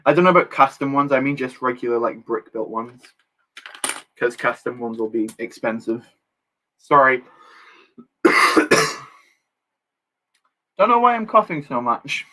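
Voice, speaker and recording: A man's voice: medium pitch, lively intonation, measured pace, pauses often, pushed and bright. A young man in easy live-stream chat, with an everyday mid-range voice. He responds to viewers and makes light jokes about himself as he works. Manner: chatty, reads chat aloud, self-deprecating jokes. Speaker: streamer building Lego live.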